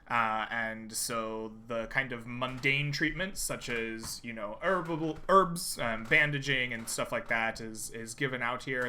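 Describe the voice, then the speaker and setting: A man's voice: medium pitch, pushed and bright, slight background noise. A man running a tabletop game as game master, explaining the setting with an easygoing manner.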